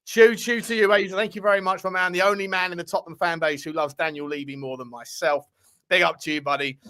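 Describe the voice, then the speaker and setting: An excitable man hosting a live stream, his voice high and bright. He chats loosely and thanks viewers by name. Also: fast. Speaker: host. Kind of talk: casual live-stream chat.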